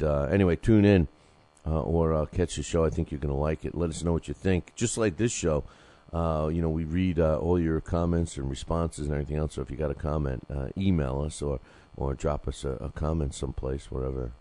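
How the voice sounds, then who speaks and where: A man's voice: rumbling low, warm tone. An older man hosting a boxing podcast, rambling loosely through sponsor reads with jokes and lots of fillers. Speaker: podcast host reading sponsor ads. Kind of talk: casual boxing podcast talk.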